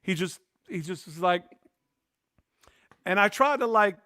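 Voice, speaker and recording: A man hosting a podcast, recounting a story in easy, casual chat. His voice sits a little high for a man and is recorded close and dry with no room sound. He slips into the voices of the people he quotes as he goes. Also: unhurried, dry recording. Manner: animated, acts out quoted voices. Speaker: podcast host.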